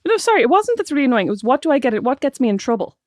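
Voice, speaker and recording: A woman's voice: high voice, very animated, very fast, darkish tone, dry recording, clean studio sound. A woman in her thirties co-hosting a podcast, telling a family story with lots of laughter. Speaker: podcast co-host. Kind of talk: casual chat.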